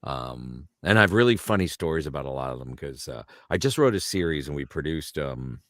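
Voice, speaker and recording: A man's voice: extremely low pitch, sing-song, brisk, no room sound. A man, a voice actor, telling rambling anecdotes in a casual interview and slipping into other people's voices for quotes. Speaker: voice actor guest.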